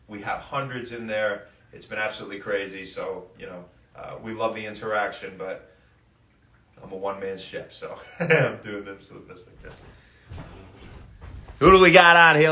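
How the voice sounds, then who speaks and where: A young man hosting a casual fitness livestream, explaining warm-ups and giving upbeat shout-outs to viewers. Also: on the low side, slight background noise. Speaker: fitness host.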